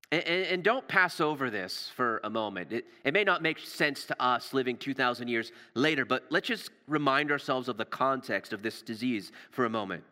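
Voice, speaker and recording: A man preaching a sermon with passion, repeating words and dropping to a hush for emphasis, recorded in a church. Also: medium pitch. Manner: impassioned, repeats words, drops to hushed emphasis. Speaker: pastor. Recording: long reverb of a large hall.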